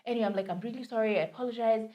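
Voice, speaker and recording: A woman's voice: on the high side, rapid-fire, lo-fi sound. A young Kenyan woman, a podcast co-host, telling a story in casual chat, mixing English with Swahili slang.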